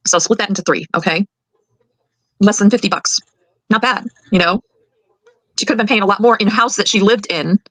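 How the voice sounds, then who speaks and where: Older grandma ranting fast, fed up and worked up, dry close sound. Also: female voice, medium pitch, a bit bright, no room sound, rough recording. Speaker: grandmother telling her side. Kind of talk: emotional recorded account.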